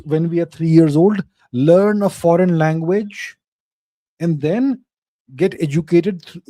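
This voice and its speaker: Male host, slightly high mellow voice, emphatic repetition, dry close sound. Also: no echo. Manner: reads viewer questions aloud, then answers in short emphatic, repeated phrases. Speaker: host answering live chat questions. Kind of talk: casual live Q&A monologue.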